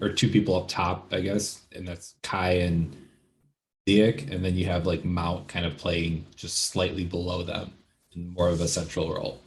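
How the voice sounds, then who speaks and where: A man co-hosting a casual football podcast, hesitant and thinking aloud with fillers as he talks. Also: low voice. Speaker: podcast co-host.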